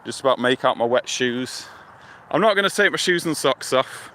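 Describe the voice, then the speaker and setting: On a morning walk, a male live-stream vlogger from the UK talks to his audience through the phone in his hand, musing aloud in a loose, relaxed ramble. He has a mid-range voice at normal speed. They're outdoors by a lake and river near a motorway, with traffic humming behind.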